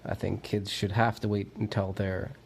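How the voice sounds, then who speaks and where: A man calling in with a voicemail, giving his opinion in a measured, considered way. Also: on the low side, flat delivery, creaky, a little mellow, a little hiss or hum. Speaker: voicemail caller.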